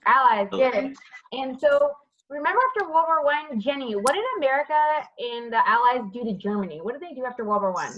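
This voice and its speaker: Teaching history over a video call, this woman talks fairly quickly in a high voice with lively intonation. She calls on students by name with questions and keeps asking "right?", all captured through a computer mic with dull sound.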